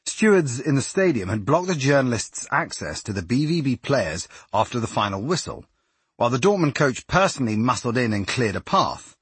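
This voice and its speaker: A man reading a nonfiction sports book aloud as narrator, telling it in a measured way. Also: mid-range voice, big pitch swings, slightly rough, dry recording. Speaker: audiobook narrator. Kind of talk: scripted narration.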